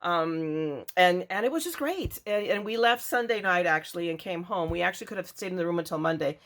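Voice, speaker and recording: A woman's voice: lowish voice, lively intonation, a little fast, a bit bright. An older woman from Latin America, chatting casually and rambling as she unboxes craft supplies for her vlog. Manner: chatty, rambling, frequent restarts. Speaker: craft vlogger.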